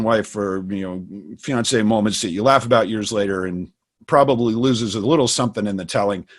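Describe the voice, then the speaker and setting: A middle-aged man co-hosting, explaining ideas in a casual way with plenty of fillers, restarts and personal stories. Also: medium pitch. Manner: storytelling, many fillers and restarts. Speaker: co-host. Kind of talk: casual instructional talk.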